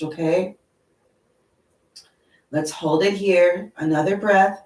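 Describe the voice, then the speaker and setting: A woman leading a yoga class, gently talking students through stretches and breathing and checking in with "okay?". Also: lowish voice, echoey room, recorded from a distance, poor audio. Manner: slow, gentle and encouraging, with frequent "okay?". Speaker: yoga instructor. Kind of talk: guided yoga class instruction. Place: yoga studio.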